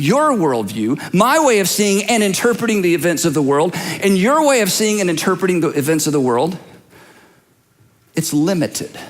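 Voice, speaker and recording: A man's voice: fairly high pitch, in a large hall. A man preaching a sermon as a pastor, talking conversationally and teasing listeners with direct questions. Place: large church auditorium.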